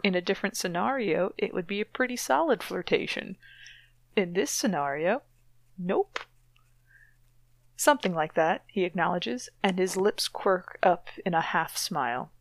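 A woman co-hosting a podcast reads a novel aloud with dramatic flair, pausing for wry, mocking commentary. Her voice is fairly low and expressive, with vocal fry, at a normal speed.

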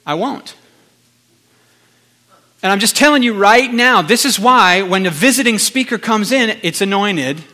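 A male pastor giving a conversational sermon, animated, with chatty asides to the congregation. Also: high-pitched.

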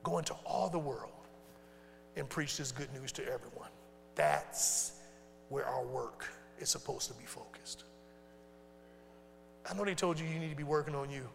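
A male pastor preaching a sermon in casual, folksy speech, asking the congregation questions and swinging from loud to hushed. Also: mid-range voice, moderate pace, creaky, long pauses, soft background music. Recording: long reverb in a large hall.

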